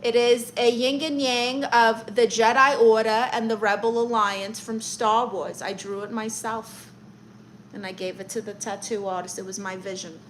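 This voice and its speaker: Playing a comic aunt on her live stream, a Brooklyn woman reads viewers' comments with sassy teasing, calling them honey and darling. Her pitch is fairly high, her tone steady, and her speed normal. The audio is poor, with slight background noise.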